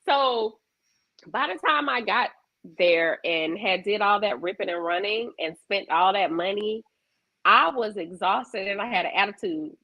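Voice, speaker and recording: A woman chats on a podcast in a gravelly voice. She tells her stories with animation and throws her pitch high when she quotes people. The recording is dry and a little dull. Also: a little slow, dry recording. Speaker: podcast co-host. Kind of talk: casual chat. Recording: dull lo-fi sound.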